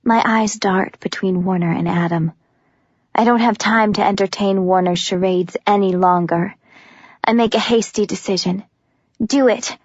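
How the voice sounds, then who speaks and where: A woman's voice: mid-range voice, fairly even intonation, normal speed, breathy edge, dry recording. A woman narrating a first-person audiobook with an urgent, breathless telling. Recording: slightly dull, dry recording.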